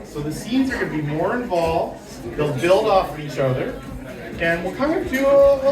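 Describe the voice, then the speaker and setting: A man hosting a live improv comedy show in a bar, upbeat and talking to the audience. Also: sits high. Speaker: improv troupe host. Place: small bar stage with audience. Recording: roomy bar recording from far off. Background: audience crowd.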